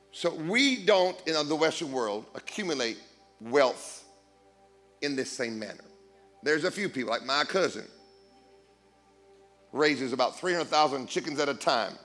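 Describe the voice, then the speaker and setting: In a storytelling sermon, a middle-aged guest preacher jokes and acts out dialogue. His delivery is animated and jokey, with big pitch swings as he plays the characters.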